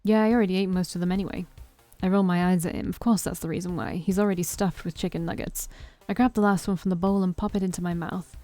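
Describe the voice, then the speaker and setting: A woman's voice: fairly low pitch, steady tone, quick pace, few pauses, mellow, no room sound, faint music behind. A woman reading a visual novel aloud as the main character, with wry asides.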